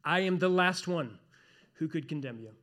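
A man, a pastor and church elder, preaching a sermon in an earnest, emphatic way, slowing down to stress key phrases. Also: on the high side, animated, fairly bright tone.

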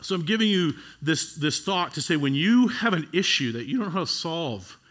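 Bright-voiced animated male preacher. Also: on the high side, normal speed. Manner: animated, conversational preaching with sudden loud peaks and hushed drops. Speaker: pastor. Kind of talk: sermon.

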